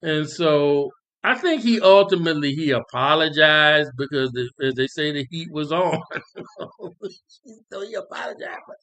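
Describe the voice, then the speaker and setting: A man's voice: fairly high pitch, moderate pace, fairly bright tone. A man hosting a casual talk podcast, musing with laughing asides. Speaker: podcast host.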